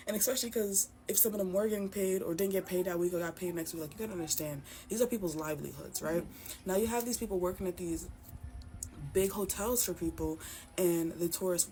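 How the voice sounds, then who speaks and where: A woman's voice: fairly low pitch, a little mellow. A woman in a casual video rant, upset and frustrated, close to tears as she talks. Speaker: vlogger.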